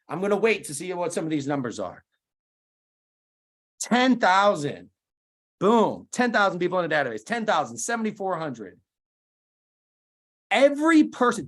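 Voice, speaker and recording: A man's voice: high voice, fairly bright tone. A man giving an emphatic motivational talk on a video call, firing off rhetorical questions. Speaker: guest speaker.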